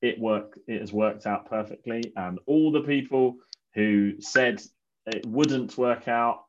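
A man hosting a casual football podcast, upbeat and gently teasing his co-hosts. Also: medium pitch, slow, lo-fi sound, a little hiss or hum. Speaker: podcast host.

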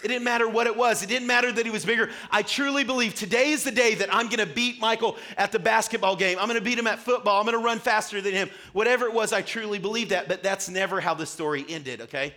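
A man's voice: high-pitched, fast talker, few pauses. A young man preaching a sermon to a church congregation, telling stories with animation. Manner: animated storytelling, acts out his childhood self. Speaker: pastor. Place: church sanctuary.

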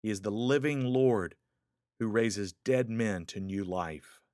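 Male preacher, sermon, dry close sound, urgent questions, hushed slow passages. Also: lowish voice, dry recording. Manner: dramatic swings between raised urgent questions and soft hushed lines.

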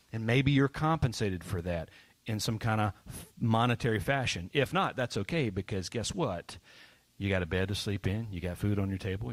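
A man's voice: on the low side, no echo. Playful male pastor teaching children. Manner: lively, playful teacher asking kids questions. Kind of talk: children's sermon.

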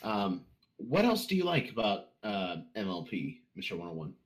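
A man's voice: fairly low pitch, huge pitch swings, moderate pace. A man hosting a podcast, reading out listener questions and teasing the guest. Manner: reads out questions, teasing jokes. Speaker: podcast host. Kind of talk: casual interview chat.

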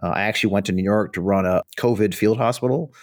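A middle-aged man from the United States tells his stories at a quick clip, blunt and salted with swearing. His voice sits on the low side. He talks like a podcast guest spinning a yarn. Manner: fast, blunt anecdotes with swearing and laughter. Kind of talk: storytelling in a podcast interview.

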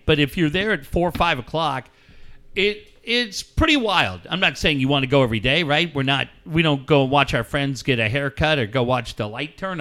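A middle-aged man with a bright, forceful voice, chatting on a radio show. He tells stories with lots of life and laughs often. His pitch sits a bit high for a man. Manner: animated storyteller, laughs often. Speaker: radio co-host. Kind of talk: casual radio chat.

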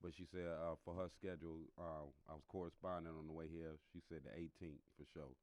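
A man co-hosting a podcast, speaking softly and hesitantly with many pauses and fillers. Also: extremely low pitch, little pitch movement, no echo. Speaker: podcast co-host. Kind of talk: casual chat.

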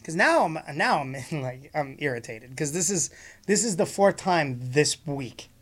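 A man's voice: a little high, animated, unhurried. A man telling a funny story in casual conversation, acting out both sides of the exchange and laughing often as he talks.

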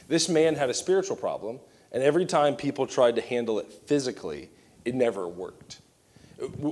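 A man in his thirties, a youth pastor, preaching a sermon with animated, joking asides. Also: mid-range voice.

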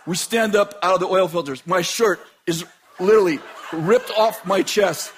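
A man telling a dramatic personal story with laughter and bursts of shouting. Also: sits high, moderate pace, a little hiss or hum.

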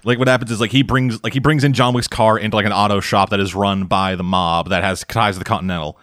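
A fast-talking young man, excitable and loose with swear words, chatting about movies. His voice sounds close and dry, with no room around it. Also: on the low side, dry recording. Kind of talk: casual film chat.

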